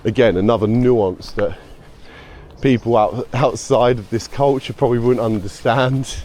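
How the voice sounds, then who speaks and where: A man's voice: medium pitch, fairly even intonation, normal speed, mellow, slight background noise. Chatty British man rambling on a walk. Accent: British English. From United Kingdom. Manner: chatty and rambling, sarcastic asides. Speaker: vlogger. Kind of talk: casual chat to camera. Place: outdoors, walking a dog.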